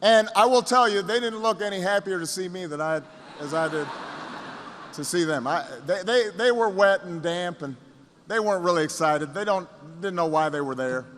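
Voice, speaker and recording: A man giving a campaign rally speech, telling a story with repeated phrases and pauses that builds to rousing shouts, recorded in a reverberant hall. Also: sits high, slight background noise. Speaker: political candidate.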